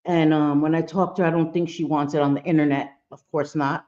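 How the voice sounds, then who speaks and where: A woman's voice: low-pitched, steady tone, brisk, dark tone. A woman in her fifties hosting a casual livestream chat, blunt and profane, laughing often as she talks. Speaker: livestream host. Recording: dull lo-fi stream audio.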